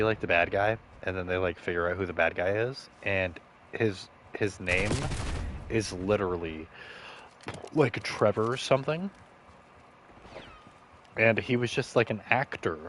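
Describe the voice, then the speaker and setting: A young man streams a shooter game, chatting in a loose, rambling way. He swears often and jokes to himself between plays. His voice sits fairly low, with a faint background hum. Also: a bit bright. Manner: rambling, profane, joking to himself. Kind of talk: casual gaming commentary.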